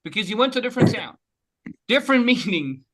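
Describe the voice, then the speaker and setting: A man teaching an online group class, animated and repeating letters slowly for his students. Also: high voice. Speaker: Quran recitation teacher. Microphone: webcam.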